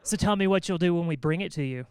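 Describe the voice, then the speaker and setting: An eager male phone-sex line operator, leaning into every suggestive phrase, as a comedian puts him on. His voice sits a touch lower and louder than the comic's usual talk. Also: quick pace, lightly acted.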